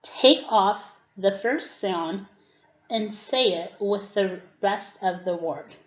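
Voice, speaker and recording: Woman, teacher trainer, instructional talk, unhurried, echoey room, dull lo-fi sound. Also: mid-range voice. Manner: demonstrates classroom prompts, slow and deliberate. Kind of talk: instructional presentation. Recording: dull, roomy recording.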